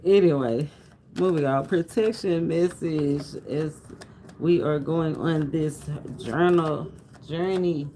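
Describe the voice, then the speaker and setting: Slow-talking man giving a tarot reading. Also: on the high side, mellow, a little hiss or hum, poor audio. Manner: loose, repetitive, preacher-like cadence with asides to viewers. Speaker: tarot reader. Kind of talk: casual spoken tarot reading.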